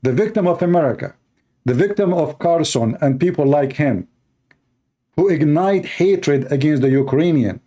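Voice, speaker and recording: A man's voice: on the high side, expressive, moderate pace, warm tone. A man with Arabic as his first language, giving scornful, heated commentary on a video clip in broken English.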